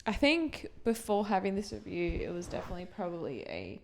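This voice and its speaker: A tipsy young film student hiccuping as she gives her take on a casual podcast. Her voice has a creaky, gravelly edge, with faint noise under it. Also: mid-range voice, wildly swooping pitch, a little fast. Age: young adult. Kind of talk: casual film review chat.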